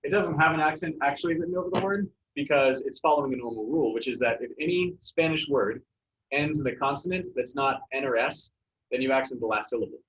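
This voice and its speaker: A man's voice: mid-range voice, fast, fairly bright tone. A man teaching a Spanish pronunciation lesson to a class, explaining casually with many fillers. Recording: echoey, distant, dull classroom recording.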